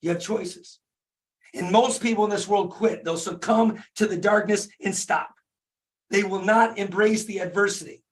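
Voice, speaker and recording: A hoarse man in his forties from Michigan, a podcast host giving a fervent, repetitive motivational talk in casual slang. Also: high-pitched, normal speed. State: hoarse from laryngitis. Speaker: podcast host, dentist and business owner. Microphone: speaking to an online call audience.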